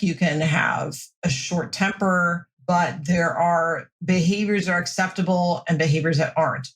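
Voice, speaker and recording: A woman mental health counselor giving steady, reassuring advice in a podcast interview. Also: lowish voice.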